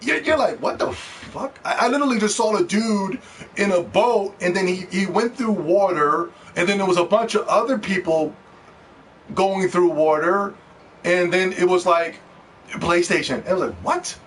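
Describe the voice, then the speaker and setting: In his video game vlog, a gaming commentator rants heatedly, swearing and mocking, with a high, fairly bright voice at normal speed. A distant mic captures faint background noise.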